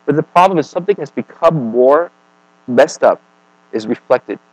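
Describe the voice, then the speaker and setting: Guy preaching a sermon, chatty, keeps saying right and okay, gets loud then quiet, dry mic. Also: medium pitch, expressive, moderate pace, dry recording, muffled recording. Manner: swings between emphatic and quiet.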